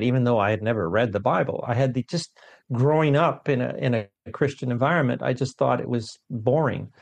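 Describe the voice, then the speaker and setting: A man, a guest scientist, tells his life story in an animated, self-deprecating, emphatic way. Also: mid-range voice, gravelly. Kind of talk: conversational storytelling.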